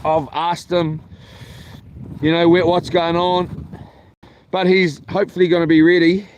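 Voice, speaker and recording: A man's voice: fairly high pitch, little pitch movement, a little slow, muffled recording, slight background noise. A man telling a meandering story for his camping vlog, full of ums and restarts. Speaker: vlogger. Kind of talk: rambling casual storytelling. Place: camping, near a boat on water.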